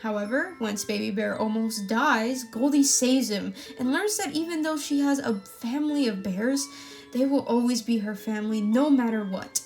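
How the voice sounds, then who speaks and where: A woman casually reviewing an animated film, talking in an enthusiastic, gushing way. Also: fairly high pitch, moderate pace, soft background music.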